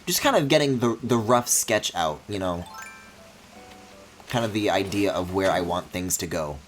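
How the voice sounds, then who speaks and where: A man streaming a video game, thinking aloud in a low mumble and breaking into high, excited squeals and mock-outraged swearing. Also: normal speed, soft background music. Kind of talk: live-streamed gameplay commentary.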